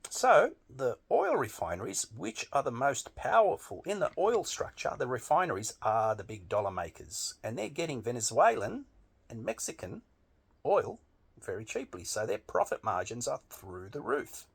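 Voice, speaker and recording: Man, raspy gravelly voice, swings wildly up and down, blunt and sweary, commentary monologue. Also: medium pitch, big pitch swings, moderate pace. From Australia. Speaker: political commentator. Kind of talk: opinionated monologue.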